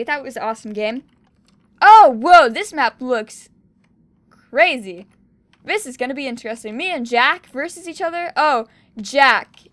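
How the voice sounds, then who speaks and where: A young woman giving excitable gameplay commentary, cheering and shrieking as she plays. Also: high-pitched, dry recording. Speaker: gaming YouTuber.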